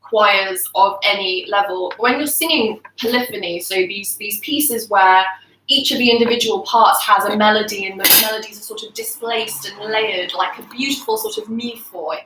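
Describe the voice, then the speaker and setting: A woman's voice: medium pitch, moderate pace, pushed and bright. A young woman who directs a choir, chatting and explaining over brunch on a livestream, laughing often. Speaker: artistic director, choir leader. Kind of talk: casual chat on a livestream. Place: home kitchen. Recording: echoey kitchen, mic far off, clear background noise.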